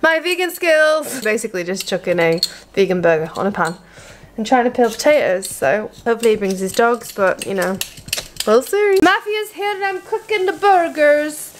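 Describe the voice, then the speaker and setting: A woman's voice: mid-range voice, lively intonation, moderate pace, a little hiss or hum. A woman in her twenties chatting casually into her phone while vlogging, sweary and self-mocking. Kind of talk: casual vlog chat. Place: beach and holiday cottage kitchen.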